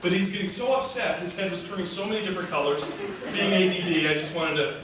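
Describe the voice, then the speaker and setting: A man's voice: high voice, quick pace. A man who is a motivational speaker, telling comic stories to a live audience, acting out the dialogue and laughing at his own jokes. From Illinois. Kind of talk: storytelling speech to a live audience. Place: large auditorium. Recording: roomy hall sound, distant mic, loud room noise.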